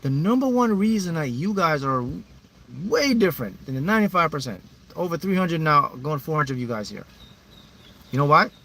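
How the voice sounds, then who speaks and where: A man's voice: a little high, very animated, moderate pace, pushed and bright. Emphatic man giving a motivational talk. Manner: emphatic, repetitive, addresses viewers directly; reads out viewers' names. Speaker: manifesting mentor. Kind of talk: motivational live talk to viewers.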